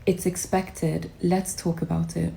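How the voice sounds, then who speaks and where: A woman lays out her opinion in a deliberate, emphatic way and hammers her points through repetition. Her voice is lowish and mellow. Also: level tone, gravelly. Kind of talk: opinion vlog.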